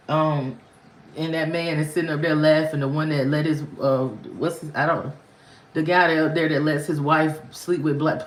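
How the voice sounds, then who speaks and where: Candid rambling woman in an echoey room. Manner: candid, rambling, with frequent pitch swings. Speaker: livestream host. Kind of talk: casual livestream storytelling. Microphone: phone or webcam on a livestream.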